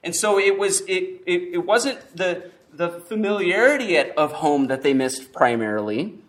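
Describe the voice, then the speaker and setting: A man preaching a sermon, with emphatic pauses and frequent restarts. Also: sits high, expressive, a bit bright. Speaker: pastor.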